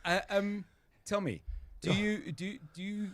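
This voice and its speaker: A man's voice: high voice, fairly even intonation, a little slow, crowd noise. A man with a South African accent hosting a radio show, joking and teasing his co-hosts in casual chat.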